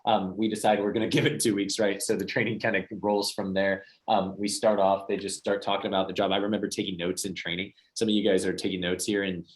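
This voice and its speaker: A young man talks fast in a lowish voice as he runs a sales training session. He tells stories to the trainees and acts out each person's lines. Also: flat delivery. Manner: storytelling, acts out quoted voices. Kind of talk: motivational training talk.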